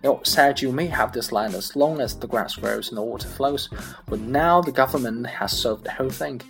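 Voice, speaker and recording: A man whose first language is Chinese, reading a comic monologue aloud in English with a lively storytelling delivery. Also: mid-range voice, normal speed, vocal fry, faint music behind. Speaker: English learner practicing accents.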